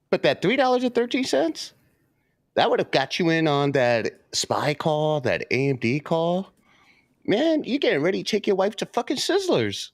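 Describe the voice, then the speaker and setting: A man co-hosting a trading live stream, ranting brashly and swearing freely as he pitches to viewers. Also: no echo, studio quality. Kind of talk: casual live-stream chat.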